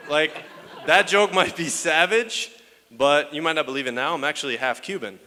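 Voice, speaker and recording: A young man delivers a stand-up set from a comedy stage, his bright, pushed voice carrying into a roomy hall with a long echo. His banter is crude and self-deprecating, and he swears often. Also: on the high side, moderate pace, a faint crowd, slight background noise. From United States. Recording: echoey hall.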